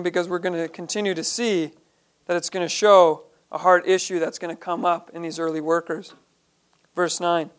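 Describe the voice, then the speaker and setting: A man's voice: high voice, a bit bright, clear, resonant tone. A man leading a Bible study, reading each verse aloud and then explaining it in plain, earnest terms.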